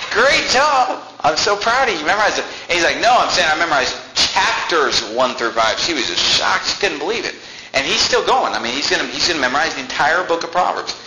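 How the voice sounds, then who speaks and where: A man preaching a sermon in an earnest, conversational, exhorting way. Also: mid-range voice. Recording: echoey room with loud noise.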